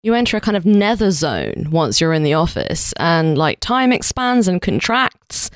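A woman co-hosting a podcast in casual chat, playful and quick with jokes and laughter. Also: fairly low pitch, sing-song, clean tone, no echo, studio quality. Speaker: podcast co-host.

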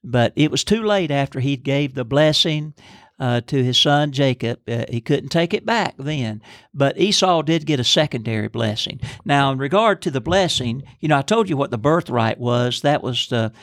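A man's voice: medium pitch, animated, moderate pace, fairly bright tone, dry recording, clean studio sound. A middle-aged father and church leader discussing the Bible in a folksy, explanatory way. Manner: folksy, explanatory, affirms with "that's exactly right".

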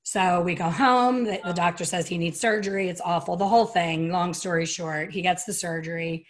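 A woman's voice: on the low side, moderate pace. A middle-aged woman, an interview guest, telling a personal story with candor and acting out the voices she quotes. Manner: animated, candid, acts out quoted voices.

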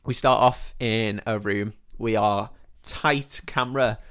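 A man's voice: on the low side, fairly even intonation, slow pace, fairly bright tone, clean tone. A man co-hosting a podcast, casually retelling a film's plot with frequent giggles. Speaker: podcast co-host. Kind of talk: casual chat recapping a film.

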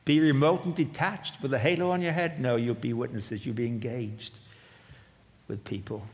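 A man preaching a sermon, moving between loud proclamation and quiet asides. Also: mid-range voice, fairly even intonation, moderate pace. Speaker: pastor. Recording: long reverb of a large hall.

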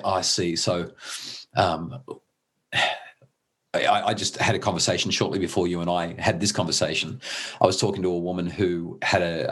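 Middle-aged male guest, low husky voice, earnest conversational explainer. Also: fairly bright tone. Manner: earnest, restarts when moved. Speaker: parenting guest.

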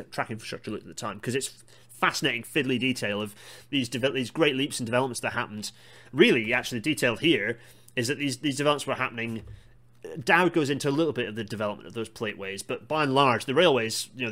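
Male podcast host, casual rambling monologue, mid pitch, enthusiastic myth-buster. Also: a bit bright. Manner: digressive, myth-busting, enthusiastic asides. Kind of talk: casual solo monologue on railway history.

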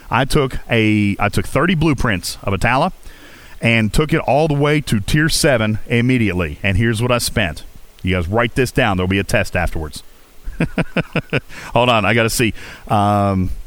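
A man from West Virginia with a faint Appalachian accent, hosting a casual gaming livestream, chatty and reading chat aloud. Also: no echo. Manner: chatty, reads chat aloud, lively jumps in pitch. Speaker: livestream host.

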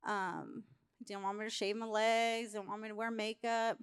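A middle-aged woman preaching a sermon, telling a candid personal story in an animated way. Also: medium pitch, moderate pace, clear, resonant tone.

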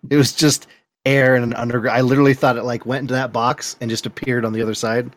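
A man's voice: medium pitch, level tone, fast. A man in casual chat, joking around and bantering playfully.

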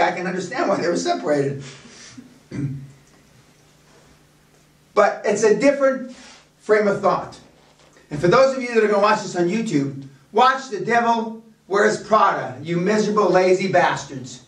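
A man's voice: high voice, animated, moderate pace, pauses often. An older American man giving a blunt, profane motivational seminar talk to a room. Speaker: seminar speaker. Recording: echoey room, speaker far from mic.

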